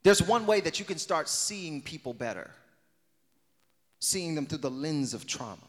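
A pastor preaching a sermon, moving from hushed talk to sung, shouted preaching. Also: male voice, on the high side, big pitch swings, measured pace. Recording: long hall reverb with music behind.

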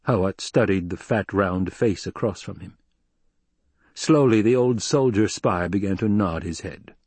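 A man narrating an audiobook in an even, measured storytelling manner. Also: fairly low pitch, breathy edge, no room sound. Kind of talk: scripted narration.

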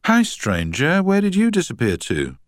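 A man's voice: a little high, wildly swooping pitch, moderate pace, no room sound, studio quality, voice pushed up. A man voicing a bold, bored young woman who talks in a breezy, forward way.

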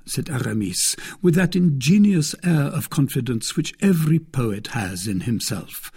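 A man narrating a classic adventure novel in a slow, expressive storytelling manner. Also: medium pitch, creaky, breathy edge. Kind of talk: audiobook narration.

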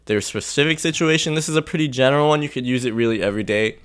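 A man's voice: medium pitch, rapid-fire, a bit bright, clear, resonant tone. A man co-hosting a podcast, explaining a phrase in casual chat, full of "like"s and restarts. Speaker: podcast co-host.

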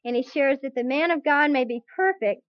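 A woman teaching a Bible class to a live group, earnest and slow on key points, putting questions to her listeners, on a dull lo-fi tape recording. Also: high-pitched, no room sound. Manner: earnest, drawn-out emphasis, asks the audience questions.

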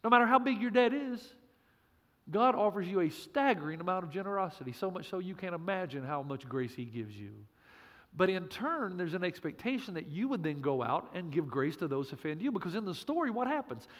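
Pastor guy preaching, high voice, lots of jokes, echoey church hall. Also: big pitch swings, a little fast, fairly bright tone. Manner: punchy, joking preacher with emphatic repeats. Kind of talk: sermon.

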